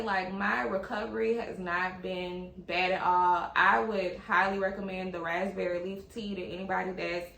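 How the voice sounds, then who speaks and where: A woman's voice: lowish voice, fairly bright tone, roomy sound, slight background noise, low-quality recording. A young woman telling her own story in a candid, chatty way, talking straight to her viewers. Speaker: vlogger sharing her birth story. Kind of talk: casual personal storytelling to camera.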